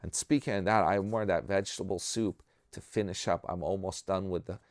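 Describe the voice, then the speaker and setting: A man's voice: deep voice, fairly even intonation, fairly quick, few pauses, dry recording, studio quality. A man hosting his channel in casual chat, rambling and self-mocking, with frequent slang asides. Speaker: channel host.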